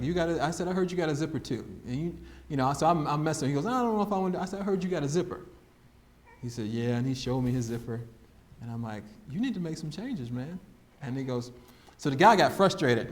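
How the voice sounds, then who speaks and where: A man shares a testimony. He tells it with plenty of animation, acting out the voices in his story and breaking into laughter, in a voice sitting a bit high for a man. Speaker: guest speaker.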